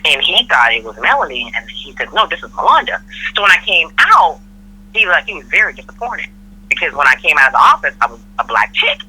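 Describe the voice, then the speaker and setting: A woman's voice: deep voice, sing-song, brisk, pushed and bright, slightly rough, poor audio. A middle-aged woman from Florida telling a work story in casual chat, acting out the people she quotes. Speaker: podcast guest, mother of host.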